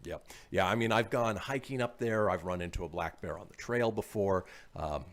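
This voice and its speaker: A man's voice: low-pitched, normal speed. A man from northern Nevada hosting a radio show, chatting casually and reading news stories with frequent laughs. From northern Nevada, USA. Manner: animated, laughs often, reads stories aloud.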